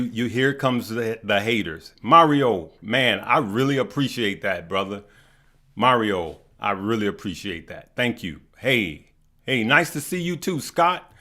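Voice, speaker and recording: Slow-talking man greeting stream viewers. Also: medium pitch. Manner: unhurried, shout-outs to viewers by name. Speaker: stock market livestream host. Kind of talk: casual livestream chat greeting viewers.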